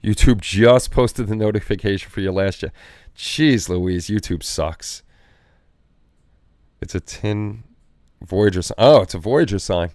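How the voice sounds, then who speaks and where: A man's voice: lowish voice, unhurried, pauses often, a little mellow, no echo, clean studio sound. A man hosting a livestream, chatting casually and reading viewer comments in a rambling, easygoing way with repeated phrases. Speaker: livestream host. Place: home hobby room.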